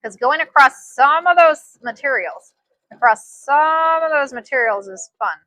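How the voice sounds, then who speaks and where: A woman giving a casual sewing machine demonstration, chatty and excitable, repeating her phrases as she works. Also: sits high, a little slow, no room sound. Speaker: sewing instructor.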